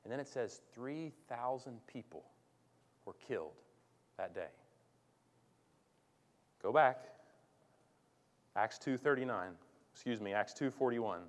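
A man preaching a sermon as pastor, swinging from loud declarations to hushed asides and calling on the congregation to respond. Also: medium pitch, expressive, unhurried, long pauses. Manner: addresses congregation directly, calls for responses. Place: church sanctuary.

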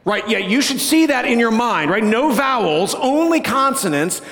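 A man's voice: high voice, animated, unhurried, few pauses, a bit bright, big-room sound. A man preaching a sermon as a pastor, playful and conversational, who often checks in with "right?".

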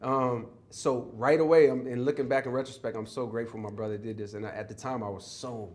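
Man telling a childhood story with animated energy. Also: mid-range voice, fairly quick. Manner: animated, acts out quoted voices, restarts often. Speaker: interview guest. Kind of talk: storytelling in an interview.

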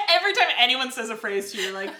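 A woman's voice: fairly high pitch, big pitch swings, fast talker, a crowd in the background. A woman co-hosting a podcast in casual chat, playful and teasing, laughing often. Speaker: podcast co-host.

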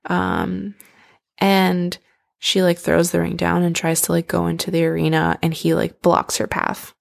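Gravelly low woman, casual retelling. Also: unhurried. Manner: loose, filler-heavy retelling with lots of "like". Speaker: storyteller retelling an opera plot. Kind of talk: casual chat.

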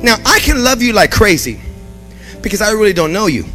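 A man preaching a revival sermon, repeating phrases and building from quiet talk to shouted, chanted calls. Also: sits high, expressive, a little fast, faint music behind, poor audio. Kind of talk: revival sermon, call and response. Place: church service.

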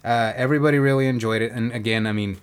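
Profane storytelling man, lively quoting. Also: medium pitch, quick pace, clean tone. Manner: profane, animated, acts out quotes. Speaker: podcast co-host. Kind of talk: casual storytelling chat.

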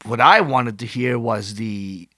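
A man's voice: mid-range voice, slow pace, pushed and bright, no room sound. Rambling man, dry close sound. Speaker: podcast co-host reviewing a concert. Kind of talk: casual chat.

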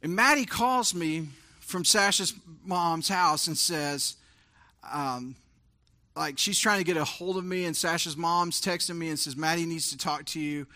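A man, preaching a sermon, who shifts between hushed storytelling and fervent praise. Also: on the high side, measured pace. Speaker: pastor.

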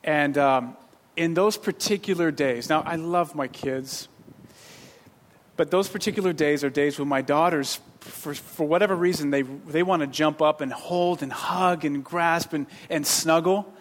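A man's voice: fairly high pitch, measured pace. A man in his thirties preaching, telling a rambling personal story with self-deprecating jokes and lots of restarts. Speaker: pastor. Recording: long reverb of a hall.

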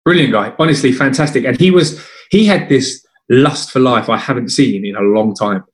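Man, casual storyteller, lively quoted voices, echoey room. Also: medium pitch, normal speed. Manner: animated, acts out quotes of others. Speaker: former footballer guest. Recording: roomy echo.

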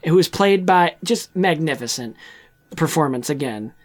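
A man's voice: fairly high pitch, animated, normal speed. A man co-hosting a podcast, recapping a movie in a loose, rambling way. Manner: rambling, loose, with restarts and acted-out quotes. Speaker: podcast co-host. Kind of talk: casual movie recap chat.

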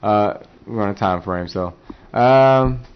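Argumentative low-voiced man hosting. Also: takes it slowly, clean tone, dull audio. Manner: argumentative, insistent, stumbles over words. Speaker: podcast host. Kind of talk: casual sports chat.

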